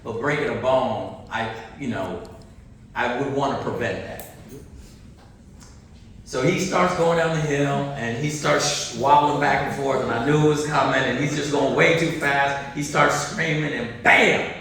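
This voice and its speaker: A man giving a keynote speech at a university conference, telling stories with animated energy, laughs and restarts. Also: medium pitch, a little slow. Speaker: keynote speaker. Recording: echoey hall, distant mic, faint noise.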